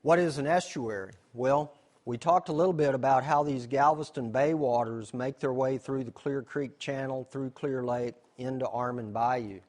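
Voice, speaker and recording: A man's voice: mid-range voice, moderate pace, darkish tone. A man, a nature center staff member giving a slideshow presentation. He explains things step by step, asking questions and then answering them.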